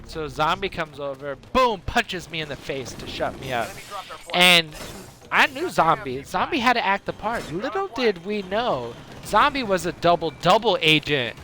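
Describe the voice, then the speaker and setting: Animated man telling a tall tale. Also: high-pitched, moderate pace. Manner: animated, jumps between voices and laughs. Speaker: gaming streamer. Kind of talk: rambling made-up story over gameplay. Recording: game gunfire noise behind.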